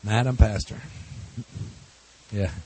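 A man's voice: fairly low pitch, steady tone, takes it slowly, a little mellow, a little hiss or hum. A man speaking as a pastor to a congregation, telling stories in a folksy, joking way. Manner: folksy, jokey storytelling with laughs. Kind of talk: church talk to a congregation.

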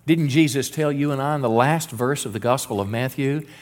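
Male pastor, middle-aged, mid-pitched voice, earnest sermon delivery with frequent stammered restarts. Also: a little fast, few pauses. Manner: earnest preaching with repeated stammered restarts and quoted scripture.

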